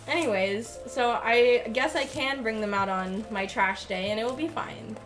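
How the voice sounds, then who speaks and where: A woman's voice: fairly high pitch, slow pace, pauses often, a bit bright, soft background music. A young woman livestreamer chatting casually as she unboxes packages, gushing and swearing freely. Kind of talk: casual chat while unboxing.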